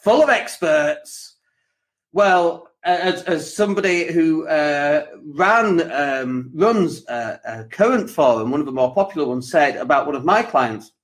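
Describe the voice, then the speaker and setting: Brief: upbeat male podcast host from England, ranting and joking, fairly high voice. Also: a little slow. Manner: animated, lively, jokey and ranting. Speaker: podcast host and property coach. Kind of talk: casual livestream monologue.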